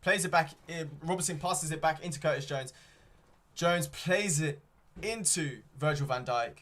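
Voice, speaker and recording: Young guy streaming footy commentary, bit higher voice, lots of ums, keeps correcting himself. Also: normal speed, a bit bright. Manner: rambling play-by-play with many ums and self-corrections. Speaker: fan streamer commentating a match. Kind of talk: live fan watchalong commentary.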